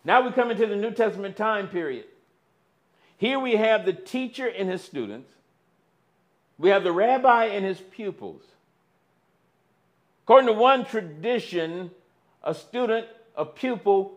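A man preaching a sermon, slow and deliberate, with dramatic swings between loud emphasis and near-quiet. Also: high voice, expressive.

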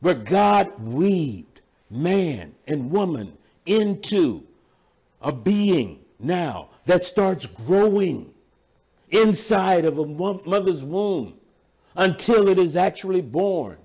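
An older man preaching a sermon, slow and emphatic, repeating key words for weight. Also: high-pitched, sing-song, dark tone, slightly rough.

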